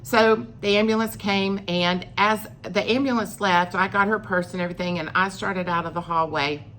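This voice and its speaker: Speaking at normal speed in a steady, medium-pitched voice that's a bit bright, this middle-aged vlogger chattily recounts a personal story over slight background noise. When quoting people, she acts out their lines with building emphasis.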